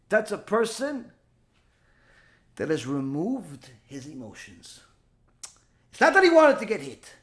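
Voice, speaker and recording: A man, a rabbi, telling a story in a Torah lesson and acting out the dialogue with lively delivery. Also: very high voice.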